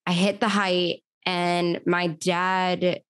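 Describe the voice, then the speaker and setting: A woman's voice: fairly low pitch, level tone, drawn-out words, fairly bright tone, clear, resonant tone, no room sound. A young adult woman from New York, telling her story casually in an interview, with a lot of "like" fillers. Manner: chatty, frequent "like" fillers. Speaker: podcast host and guest.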